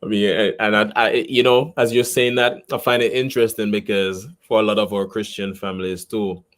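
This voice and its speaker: A laid-back male co-host with a fairly low voice. He chats loosely and casually on a radio talk show, recorded in the studio. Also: level tone, a little fast.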